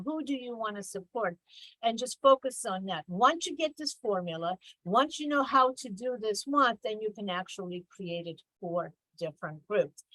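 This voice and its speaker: A woman's voice: mid-range voice, fairly bright tone, dry recording, poor audio. Conversational woman coach, dry close sound. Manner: conversational, emphatic, reads examples with mock exaggeration. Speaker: business coach. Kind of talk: online workshop presentation.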